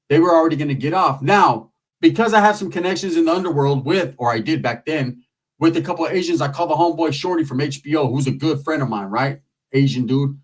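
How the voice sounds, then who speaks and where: A man's voice: on the high side, far from the mic. A man telling a long comic story in casual, streetwise, profane talk.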